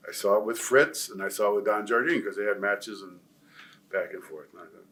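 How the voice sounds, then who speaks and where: A man's voice: lowish voice, brisk, a bit bright, a little hiss or hum. An older man from Nebraska telling long stories in a career interview, rambling with many fillers and restarts. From Nebraska, USA. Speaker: retired pro wrestler, guest.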